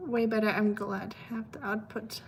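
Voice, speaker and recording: A woman's voice: medium pitch, flat delivery, moderate pace, slight background noise. A woman from Germany with a German accent, chatting casually with live-stream viewers in her home kitchen while she cooks. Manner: chatty and rambling, talks to viewers in the chat.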